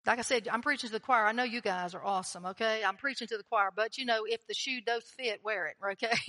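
A woman with a fairly high, bright, forceful voice preaches a chatty, conversational sermon, often putting questions to the congregation. The recording has a long hall reverb.

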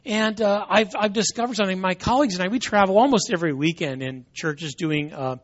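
A man's voice: sits high, fairly quick. A man who speaks as a Christian apologist, telling a humorous story and often repeating words as he goes, in a dull lo-fi recording.

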